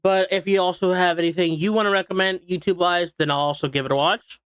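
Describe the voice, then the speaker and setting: Smooth-voiced young man rambling casually. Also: high-pitched, steady tone, fast talker, a bit bright, no room sound, clean studio sound. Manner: rambling, hesitant, many fillers and restarts. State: hiccuping. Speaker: streamer. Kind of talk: casual chat while eating and drawing.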